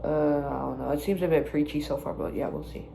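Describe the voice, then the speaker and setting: A woman's voice: low-pitched, lively intonation, a little fast, very noisy. A woman casually reacting to her own songs, blunt, self-critical and swearing freely. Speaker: musician reacting to own album. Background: own music playing clearly.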